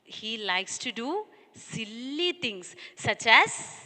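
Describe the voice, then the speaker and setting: Indian English woman teacher, high and bright, slow careful delivery, reverby room. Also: very animated. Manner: patient, speaks to children as "dears". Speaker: school teacher. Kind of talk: online class lesson, reading a poem aloud.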